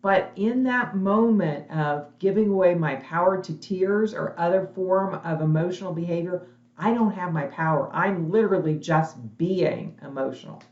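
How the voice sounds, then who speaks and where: A woman's voice: on the low side, normal speed, a little mellow, reverberant, lo-fi sound. A middle-aged woman giving a direct, emphatic motivational webinar talk as a conference speaker. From lives in Texas.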